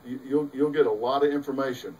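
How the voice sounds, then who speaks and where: A man's voice: medium pitch, quick pace, a little mellow, distant mic, lo-fi sound. A middle-aged man, a host and psychologist, giving an emphatic, folksy talk to an audience, full of rhetorical questions. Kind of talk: lecture to a live audience.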